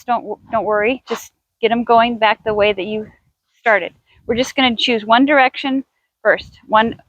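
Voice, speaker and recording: A woman's voice: a little high, a bit bright, no echo, poor audio. A woman horse trainer teaching outdoors in a riding arena, chatty and thinking aloud with restarts as she coaxes her horse.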